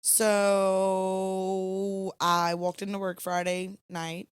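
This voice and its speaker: A woman's voice: medium pitch, completely flat delivery, very slow, clean tone, no echo. A young woman, co-hosting a podcast, telling a rambling story late at night, tired and yawning. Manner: chatty, rambling storyteller with fillers. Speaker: podcast co-host.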